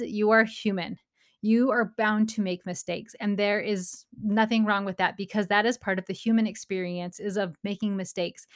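A woman in her thirties hosting a parenting talk, speaking in an earnest, encouraging, casual way, with touches of faith. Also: mid-range voice. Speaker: parenting podcast host.

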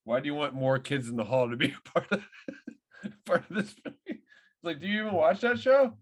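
A man's voice: on the high side, fairly quick. A man in his thirties co-hosting a podcast, chatting loosely about a movie with lots of swearing and restarts. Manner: swears a lot, rambling. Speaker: podcast co-host. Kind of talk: casual movie review chat.

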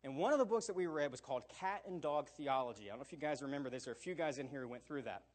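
A middle-aged male pastor giving an animated sermon, often checking in with "all right?" and acting out quotes. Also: medium pitch, rapid-fire. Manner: animated preaching with repeated "all right?" asides and acted quotes.

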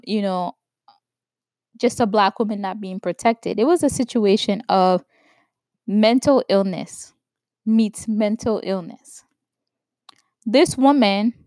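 A woman from New York giving opinion commentary, stressing words slowly and checking in with "right?". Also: on the high side, no room sound. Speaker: vlogger commenting on news.

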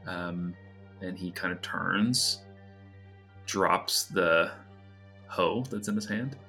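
A man with a lowish, bright, forceful voice narrates a tabletop game as game master. His telling is loose and casual, full of little hesitations. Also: drawn-out words, faint music behind.

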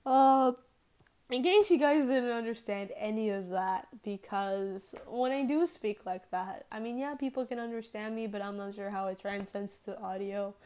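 A woman's voice: medium pitch, moderate pace, darkish tone. A teenage girl hosting her own podcast, chatting casually and rambling with many fillers. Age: teens. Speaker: podcast host. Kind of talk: casual solo podcast chat.

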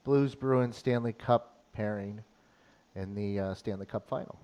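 A man's voice: lowish voice, measured pace, dark tone. A man co-hosting a live radio show, chatting and teasing his colleagues. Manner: chatty, laughs easily, teasing. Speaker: radio co-host. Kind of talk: casual studio banter.

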